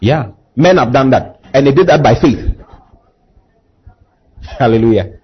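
A man's voice: medium pitch, lively intonation, a little slow, breathy edge, muffled recording. A male pastor preaching a sermon, asking the congregation to repeat after him and building to impassioned emphasis. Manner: call-and-response preaching, rising to impassioned emphasis.

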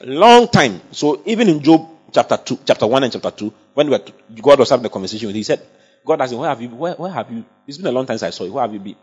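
A man races through his sermon in a medium-pitched, sing-song, slightly rough voice. He's emphatic and regularly seeks the congregation's assent. The audio has a dull, lo-fi quality.

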